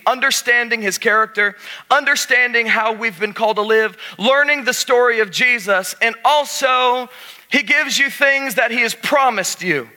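Male pastor, fairly high ringing voice, emphatic sermon in a reverberant church. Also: sharp tone. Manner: jokey, emphatic preaching with a congregation. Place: church sanctuary.

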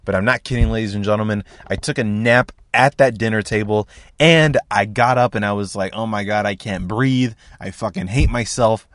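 A young man hosting a podcast, telling a comic story in a loud, profane, animated way, with sound effects like boom and bang. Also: no room sound. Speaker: podcast host. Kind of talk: casual comedic storytelling.

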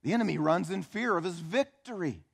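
A man preaching a church sermon, swinging between quiet, intimate asides and loud, emphatic peaks. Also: sits high, expressive, fairly quick, vocal fry, slightly rough. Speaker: pastor. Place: church sanctuary.

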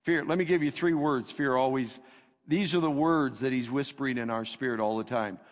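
A male pastor preaching a sermon, emphatic and repetitive, swinging between loud declarations and hushed lines. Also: medium pitch, brisk. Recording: long reverb of a hall.

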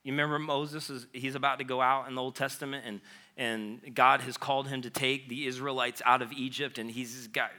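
A man preaching a sermon to his church, speaking in a conversational, impassioned way with quick asides. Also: medium pitch, flat delivery, pushed and bright. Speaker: pastor.

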